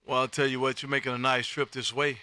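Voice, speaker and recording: A man hosting a live ham radio stream from his home radio room, loud and folksy, calling CQ and repeating his phrases. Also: mid-range voice, level tone, fast talker, clear, resonant tone, no echo. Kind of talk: calling CQ and chatting with contacts.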